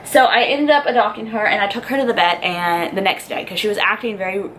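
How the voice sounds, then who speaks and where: A woman's voice: medium pitch, steady tone, quick pace, fairly bright tone, a little hiss or hum, low-quality recording. A young woman tells a personal story in a vlog. She rambles and fills her talk with "like" and "um". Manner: chatty and rambling, lots of "like" and "um". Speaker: vlogger.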